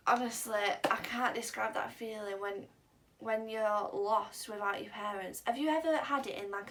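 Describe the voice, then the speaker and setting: This young woman's mid-range voice has a sharp tone as she chats her way through a personal story for her vlog, leaning on "um" and "like" while rambling. Faint background hiss and a slightly distant mic color the recording.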